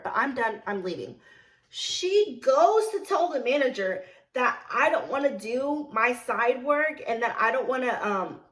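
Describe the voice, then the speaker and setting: Blunt, animated young woman telling a story. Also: high voice. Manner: animated, blunt and profane, with emphatic repetition. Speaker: storyteller recounting her work as a server. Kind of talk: casual storytime vlog.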